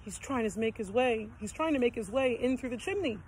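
A woman voicing a sensible, hardworking eldest pig brother in a storybook, speaking calmly and reassuringly. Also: fairly high pitch, brisk, a little hiss or hum, lightly acted, poor audio. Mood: assured.

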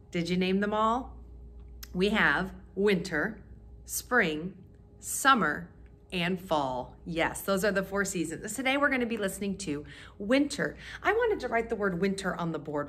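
A woman teaching a kindergarten music class, talking slowly and clearly to small children and encouraging them to join in. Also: on the low side, a bit bright.

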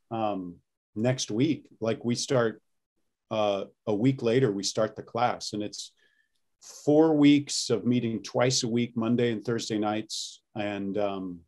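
A man's voice: mid-range voice, steady tone, unhurried, a little mellow. A man who coaches voice and accents, explaining his work in a casual interview, with lots of ums and restarts as he goes.

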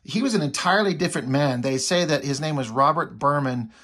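A man's voice: on the high side, brisk, pushed and bright, husky. A man casually recapping a comic book as a reviewer, rambling with lots of fillers.

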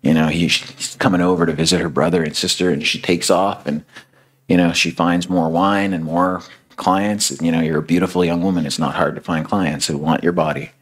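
Very deep, husky-voiced male preacher. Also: steady tone, brisk. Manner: conversational, many fillers like "you know". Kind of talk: storytelling sermon.

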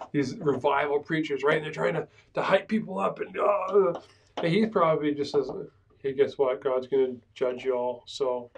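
Teaching a Bible survey class, a pastor with a somewhat high, slightly mellow voice lectures casually, often tossing in "right?" and restarting his sentences. He sits far from the microphone.

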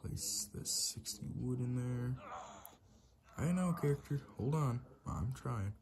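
Slow-talking Irish man narrating his gameplay. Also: medium pitch. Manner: mutters running instructions to himself while building. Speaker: let's play gamer. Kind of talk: casual gameplay commentary. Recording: steady background noise with keyboard clicks.

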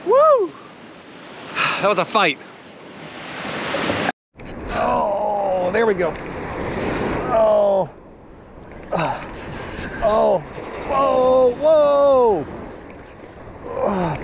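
A man who works as a fishing guide, giving casual vlog commentary on a beach and whooping and hollering as he reels in fish. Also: high voice. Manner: excitable, whooping and hollering while reeling in fish. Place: outdoors on an ocean beach. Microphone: chest-mounted action camera. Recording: outdoor action camera with loud surf noise. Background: crashing surf.

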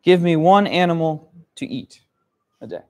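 A man's voice: on the high side, animated, lightly acted. A man voicing a hungry, greedy lion in a children's story, speaking in short, plain phrases. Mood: blunt. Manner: slow, plain and simple.

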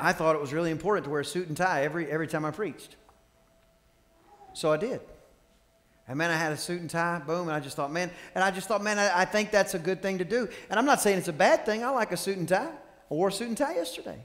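A man's voice: fairly high pitch, a bit bright. A man, a pastor, preaching a sermon, telling stories with quoted dialogue and calling on the congregation to respond. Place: church sanctuary. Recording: long reverb of a large church hall.

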